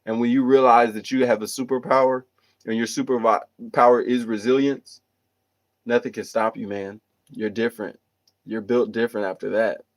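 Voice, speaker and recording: A man's voice: mid-range voice, steady tone, moderate pace. A man hosting a livestream, reading viewer comments and giving earnest, rambling motivational talk with restarts and repeated phrases.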